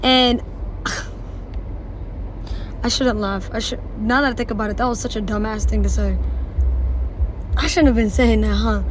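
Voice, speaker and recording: A woman's voice: a little high, fairly even intonation, a little fast, background noise. A woman telling a storytime to her phone, hesitant and rambling, second-guessing herself. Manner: rambling, hesitant, self-questioning. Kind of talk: casual storytime.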